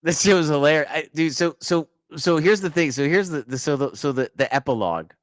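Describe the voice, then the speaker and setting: A man's voice: on the high side, fairly quick, no echo, studio quality. A man hosting a podcast, telling a long story in casual chat, restarting sentences and cursing as he goes. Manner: animated, restarts, swears, laughs mid-story. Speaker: podcast host.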